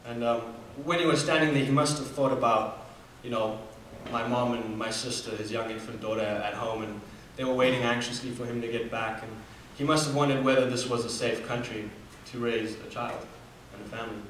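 A Namibian student speaker in his 20s tells a personal story earnestly and briskly, hardly pausing, his mid-range voice a bit bright and fairly even in intonation. Fillers and restarts crop up throughout. He's heard from far off in a very echoey hall with faint room hum.

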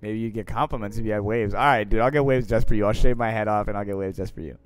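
A man's voice: on the low side, quick pace, clean tone. Slangy young man chatting on stream. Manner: slangy and profane, swinging between mumbled asides and loud excited bursts. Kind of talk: casual live-stream chat, reading out viewer questions.

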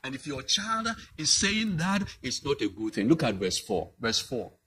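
A man's voice: mid-range voice, very animated, normal speed, sharp tone, a little hiss or hum, poor audio. A male pastor preaching a sermon, building to emphatic swells and asking the congregation rhetorical questions.

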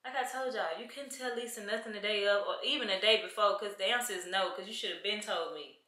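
A woman's voice: medium pitch, fast talker, bright, forceful tone, no echo, rough recording. A young woman, chatting casually to the camera in a vlog and complaining to her viewers. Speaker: vlogger.

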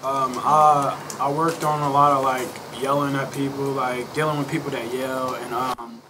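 A man's voice: mid-range voice, little pitch movement, measured pace. A male military trainee answering an instructor hesitantly, with fillers. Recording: noisy room.

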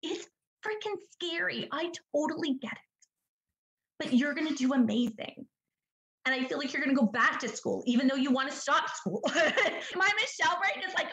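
Chatty high-voiced woman. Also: lively intonation, a bit bright. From British Columbia, Canada. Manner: chatty, quick, full of "like" and "do you understand that?". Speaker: psychic medium. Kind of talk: online group reading over video call. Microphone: video call. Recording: echoey room over video call.

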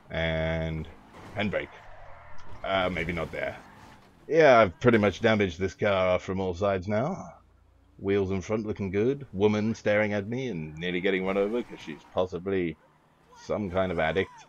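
A man's voice: deep voice, normal speed. A man giving rambling, joking, profane commentary while playing a driving game. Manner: rambling, joking, swears freely. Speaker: gaming YouTuber. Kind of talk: casual let's-play commentary. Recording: dull lo-fi with faint hiss.

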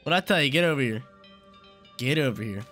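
A man's voice: mid-range voice, lively intonation, quick pace, fairly bright tone, faint music behind. Laid-back slangy young man gaming. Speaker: gaming channel host. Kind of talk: casual gameplay commentary.

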